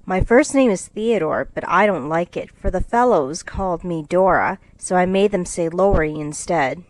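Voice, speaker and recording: A woman's voice: fairly low pitch, normal speed, dry recording, close to an everyday voice, rough recording. A woman voicing a friendly, bashful teenage boy in a storybook reading, speaking politely and good-naturedly.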